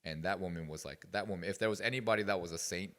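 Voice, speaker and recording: At a youth retreat, a male guest tells stories to the youth group in a meeting room, rambling casually with lots of fillers. His voice is low-pitched, racing and a bit bright, echoing as in a large hall.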